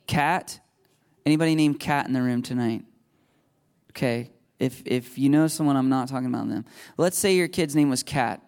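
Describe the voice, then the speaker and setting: A man's voice: mid-range voice, moderate pace, a little mellow. A man preaching a sermon to a live congregation in a loose, conversational way, joking and laughing at himself between points.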